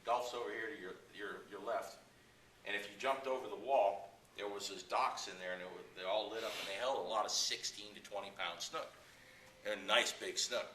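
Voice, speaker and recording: Animated storytelling man, echoey room. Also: lowish voice, moderate pace, a little hiss or hum. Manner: animated yarn-spinner, acts out quotes, laughs often. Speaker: guest speaker at anglers club. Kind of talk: storytelling to a club audience. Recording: echoey room, speaker far from mic.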